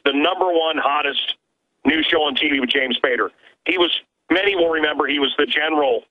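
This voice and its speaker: A man calling in to a talk radio show as a guest host, talking emphatically and exasperated, stammering and restarting his sentences. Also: a little high. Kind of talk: heated call-in talk radio. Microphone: phone. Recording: muffled lo-fi phone line.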